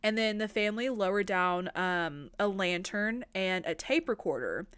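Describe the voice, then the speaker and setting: A woman recapping a film on her podcast in a loose, chatty way, swearing freely and leaning on filler words. Her voice is smooth and clear, and the sound is dry and close with no room around it. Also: mid-range voice, lively intonation, normal speed, fairly bright tone, no room sound. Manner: chatty, profane, lots of "like" fillers. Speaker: podcast host.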